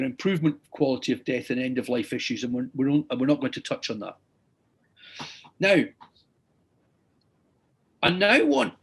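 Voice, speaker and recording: Husky-voiced male surgeon giving a talk. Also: a little high. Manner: earnest storyteller, repeats "I said" often. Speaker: consultant gynaecological surgeon. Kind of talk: lecture with clinical anecdotes.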